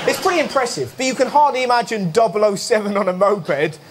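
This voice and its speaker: A man's voice: high-pitched, expressive, quick pace, very noisy. A man hosting a topical comedy show, delivering a cheeky, mocking monologue with sudden voiced asides. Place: television studio stage before a live audience. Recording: studio audience roaring with laughter.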